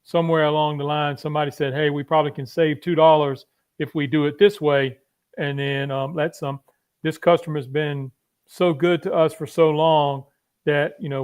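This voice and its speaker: A man's voice: on the high side, darkish tone. A man speaking as a guest on a casual online panel chat, explaining things with lots of fillers. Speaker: panel guest from pharmaceutical industry.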